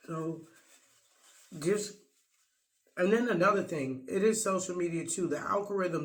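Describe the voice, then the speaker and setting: A man vlogging in a rambling, earnest monologue, casual and apologetic, often restarting his sentences. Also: sits high. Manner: heartfelt and apologetic; casual slang. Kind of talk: emotional off-the-cuff monologue.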